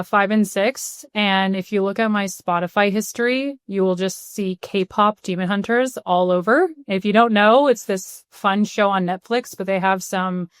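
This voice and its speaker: Upbeat woman guest, smooth dry voice. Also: medium pitch, measured pace, no room sound. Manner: upbeat, laughs easily. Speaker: guest, partnerships leader. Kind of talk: conversational interview.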